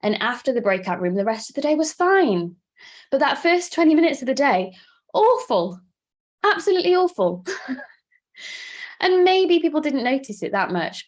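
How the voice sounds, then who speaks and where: A Welsh-accented woman in her thirties leads a live online workshop. She talks quickly and chattily in a fairly high voice, laughing easily as she coaches. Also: sing-song. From Wales. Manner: chatty, fast-talking, laughs often. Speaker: presenter and coach.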